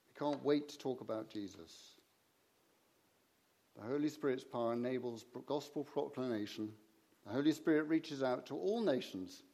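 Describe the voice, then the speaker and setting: Warm and mid-range, this man's voice carries a sermon built on stories. He acts out the conversations within them.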